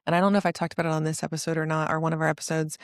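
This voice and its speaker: A woman hosting a casual spiritual podcast, telling stories with lively acted-out quotes. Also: sits low, very fast, dry recording, studio quality. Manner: animated storyteller, acts out quotes. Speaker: podcast host.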